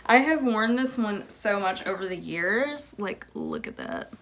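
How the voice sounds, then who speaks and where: A woman's voice: medium pitch, wildly swooping pitch, measured pace, fairly bright tone, slight background noise. A young woman rambling casually in her bedroom, showing off her fan merchandise, with lots of "like" and giggles. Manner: rambling, giggly, says "like" a lot. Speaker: vlogger. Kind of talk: casual show-and-tell vlog.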